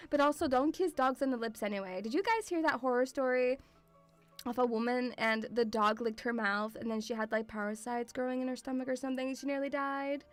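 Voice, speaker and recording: A woman's voice: sits high, brisk, faint music behind. A woman streamer chatting casually and rambling, calling her viewers sweetie. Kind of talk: casual live-stream chat.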